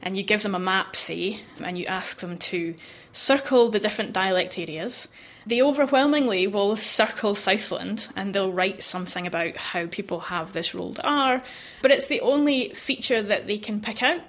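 A woman's voice: mid-range voice, moderate pace, a bit bright. An American woman, a linguistics researcher, explains her work patiently in a radio interview and laughs lightly between points.

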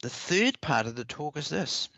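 A man answering interview questions in a measured, earnest way, often repeating words as he explains. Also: fairly high pitch, big pitch swings, vocal fry, pushed and bright, no echo. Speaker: parenting expert guest. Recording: dull lo-fi dry recording.

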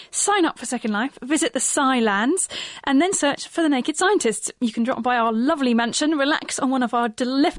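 A woman's voice: sits high, no echo. A woman co-hosting a science radio show in the studio, announcing in a light-hearted way. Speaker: radio co-host.

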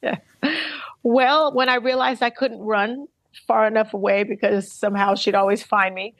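A middle-aged woman answers interview questions in a thoughtful, earnest way, her words measured. Her voice sits at an ordinary pitch. It is recorded close and dry, with no room sound. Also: flat delivery, no echo, poor audio. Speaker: interviewed singer. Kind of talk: reflective interview talk.

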